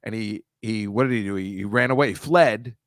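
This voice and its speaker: A man's voice: fairly low pitch, normal speed, no room sound, clean studio sound. A man hosting a casual video-call chat over shared slides, rambling, wry and mocking, swearing freely. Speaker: host.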